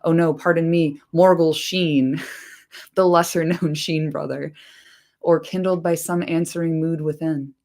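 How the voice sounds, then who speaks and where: A woman reading a fantasy book aloud on a livestream, expressive, with casual and profane chatty asides. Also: low voice, a little slow.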